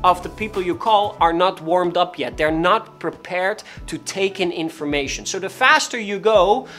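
A man's voice: high voice, moderate pace, soft background music. Emphatic man coaching on sales calls. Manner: animated and emphatic, repeats key points; acts out callers' voices. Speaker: real estate sales coach. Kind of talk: instructional talk to camera.

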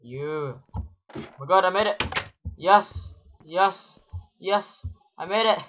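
A young man with a cough and cold, reacting excitedly as he plays a game and talks to viewers. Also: high-pitched, takes it slowly. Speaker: gamer. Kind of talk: casual gameplay commentary. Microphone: built-in computer microphone. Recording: noisy built-in computer mic. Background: loud rain.

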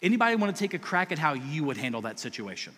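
Male pastor, high bright voice, lively conversational sermon, long hall reverb. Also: very fast. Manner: animated, conversational preaching with asides to the congregation.

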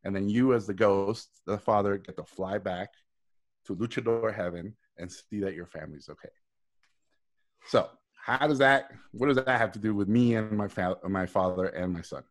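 A man speaking as a guest on a video call, telling a story with animated delivery and acting out the lines of his characters. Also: on the low side, normal speed. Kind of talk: storytelling talk.

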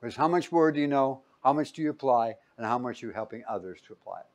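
A man preaching a Bible-teaching sermon, reading verses loudly and pausing for his listeners to call out the missing word. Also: medium pitch, expressive. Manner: quizzing listeners with fill-in-the-blank questions; emphatic, loud when reading scripture aloud.

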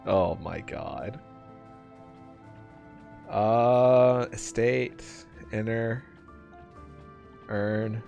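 A man streaming a game live, bantering with his chat, laughing often and getting loud and defensive when teased. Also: fairly low pitch, animated, measured pace, gravelly, long pauses, faint music behind.

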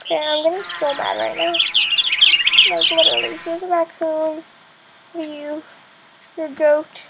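High-pitched, gravelly, excitable gaming YouTuber. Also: female voice, normal speed, very noisy. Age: young girl per page; adult voice unsure. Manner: chatty, excitable, squeals and shouts at the game. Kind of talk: game commentary.

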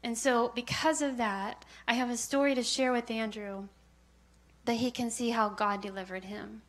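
Woman, slightly high voice, church testimony, heartfelt, animated storytelling. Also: normal speed. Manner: heartfelt, animated when retelling stories. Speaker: church member giving testimony. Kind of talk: personal testimony.

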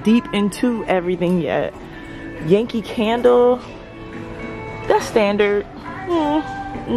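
A woman vlogging as she browses a large store, gushing over products and talking to her viewers. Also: on the high side. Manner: gushing, excitable, addresses viewers as y'all. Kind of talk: shopping vlog narration.

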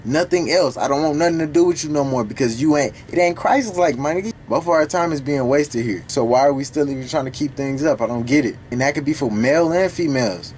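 A man recording casual reaction commentary for a video, talking back to the song in an animated, profane way. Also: fairly high pitch, quick pace, few pauses, slight background noise. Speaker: music reaction YouTuber.

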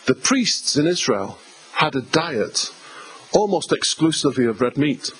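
Man, English accent, pastor, sermon in a church hall, emphatic, repetitive, slightly high voice, faint room hiss. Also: sing-song, measured pace, fairly bright tone. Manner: emphatic, repetitive, conversational preaching with asides to the congregation.

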